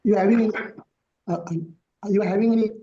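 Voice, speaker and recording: Male participant, high dark voice, halting answers, muffled roomy call audio. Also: level tone. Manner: halting, searching for words. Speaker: course participant. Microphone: video call.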